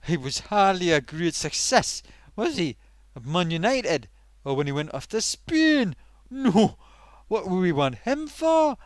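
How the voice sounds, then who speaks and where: A man's voice: high voice, big pitch swings, unhurried, dry recording, studio quality. A man voicing a melodramatic male potato, a gloomy football fan who swings from grand speeches to whispered despair. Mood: grandiose.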